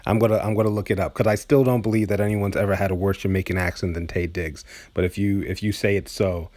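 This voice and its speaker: A man hosting a podcast in casual chat, laughing often and talking in halting starts full of fillers. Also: deep voice, fairly even intonation, darkish tone, no room sound. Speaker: podcast host.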